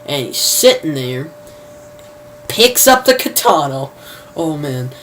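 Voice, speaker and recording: A woman's voice: low-pitched, big pitch swings, slow, fairly bright tone. A woman casually recapping a TV episode, rambling with many fillers, restarts and mild slang. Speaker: TV episode reviewer. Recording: distant mic, faint background noise.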